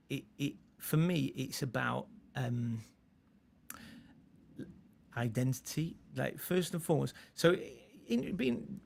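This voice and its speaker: A man in his forties, appearing as a comedian guest, tells a personal story in a relaxed, rambling way, restarting often and laughing. His voice is medium-pitched, gravelly and somewhat dark, with slight background noise.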